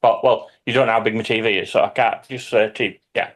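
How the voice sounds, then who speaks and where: A man, a hobby YouTuber, telling lively anecdotes in casual chat with some swearing. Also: fairly low pitch, quick pace.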